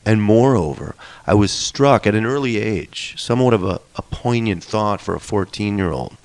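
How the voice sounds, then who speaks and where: A man's voice: fairly low pitch, lively intonation, moderate pace, darkish tone, no echo. A middle-aged man telling a personal story in a wry, candid way, swearing now and then for emphasis. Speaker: musician and storyteller.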